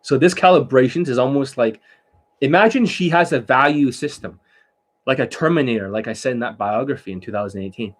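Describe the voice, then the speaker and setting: A man's voice: mid-range voice, a little fast. A man giving a casual coaching talk on dating, blunt and profane, who keeps checking in with the listener through rhetorical questions.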